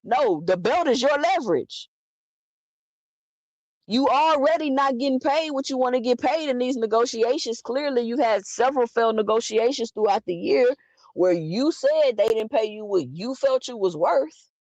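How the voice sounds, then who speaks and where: This woman's voice leans high as she gives emphatic boxing opinions, posing rhetorical questions and jumping back into sentences with quick restarts. Her manner is animated; the recording is dull, lo-fi and echo-free.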